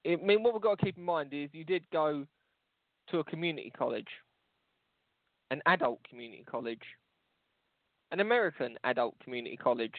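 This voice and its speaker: A man's voice: fairly high pitch, expressive, brisk, pauses often, dry recording. A man co-hosting a comedy podcast, talking in a crude, mocking, rambling way. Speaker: co-host. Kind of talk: casual comedy podcast banter. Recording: dry, phone-like lo-fi sound.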